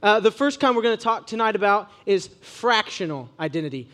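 A young man gives a relaxed, joking sermon to students. His voice sits fairly high, and he tells stories in an animated, offhand way. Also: a little fast, few pauses. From Ohio, USA. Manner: casual, joking, animated storyteller. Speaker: preacher to students. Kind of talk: sermon with humorous storytelling.

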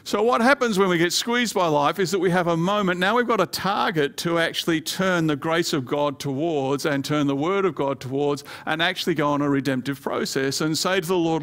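Male pastor, sermon, gravelly tone, voice climbs high to press points. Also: brisk, few pauses, fairly bright tone. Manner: rising pitch and volume when pressing a point, playful asides.

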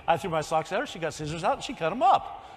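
An older man preaching a sermon, telling stories and swinging from soft, quiet lines to shouted emphasis. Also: on the high side, very animated, quick pace. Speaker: pastor. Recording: long hall reverb.

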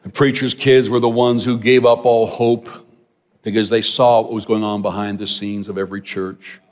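A middle-aged man preaching a sermon, telling a personal story with animated asides to the congregation. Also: fairly low pitch, moderate pace. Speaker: pastor. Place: large church hall. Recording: long hall reverb.

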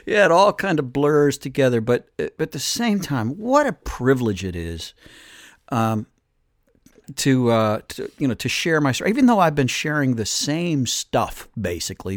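A man's voice: medium pitch, sing-song, unhurried, no echo, studio quality. A man in his sixties hosting a podcast, telling stories in a chatty, rambling way with many fillers. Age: 60s. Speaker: podcast host. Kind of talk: casual podcast chat and storytelling.

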